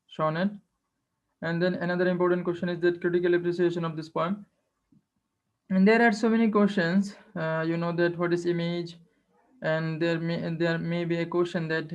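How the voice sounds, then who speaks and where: A teacher giving an online lecture, explaining step by step and repeating key phrases. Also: medium pitch. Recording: dull lo-fi online class recording.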